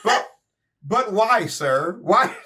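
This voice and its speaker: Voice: medium pitch, lively intonation, extremely slow, sharp tone. A reaction host joking and laughing in disbelief. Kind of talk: reaction chat. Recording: from afar with faint noise.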